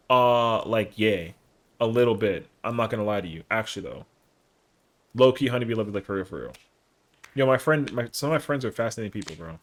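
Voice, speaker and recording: A man in his thirties casually telling a rambling, slangy story on a live stream, acting out the quotes. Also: medium pitch. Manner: slangy, rambling, lots of fillers, acts out the quotes.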